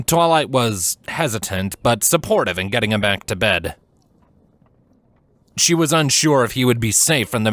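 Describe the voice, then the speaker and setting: A man reading fan fiction aloud as scripted narration, measured and steady. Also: fairly low pitch, dry recording. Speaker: fanfiction reader.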